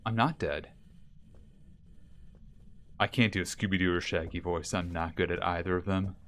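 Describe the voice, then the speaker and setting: A man's voice: low voice, normal speed, a bit bright, slight background noise. A man streaming a ghost-hunting game, chatting casually with viewers and asking the ghost questions, with mild allergies. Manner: chatty, talks to himself and chat, asks the ghost questions.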